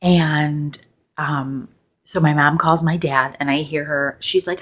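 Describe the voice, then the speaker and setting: A young woman casually telling a personal story in a loosely ASMR style, chatty and laughing, bursting into high excited voices when she quotes people. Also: measured pace. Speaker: ASMR channel host.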